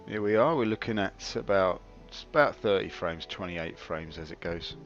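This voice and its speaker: A man's voice: deep voice, expressive, moderate pace. A man commenting on his game live, chatty, wry and self-mocking. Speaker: game streamer. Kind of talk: casual live-stream commentary. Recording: slightly dull stream audio with faint game music.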